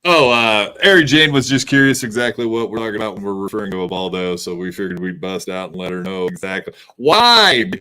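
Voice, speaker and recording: A man's voice: lowish voice, lively intonation, brisk, few pauses, sharp tone, smooth. A man co-hosting a podcast, rambling through crude casual chat with lots of filler words.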